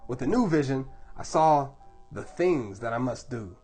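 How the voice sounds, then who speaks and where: A man reading a book aloud to his baby, telling the story in a measured, dramatic way. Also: medium pitch, animated, a little mellow, faint music behind.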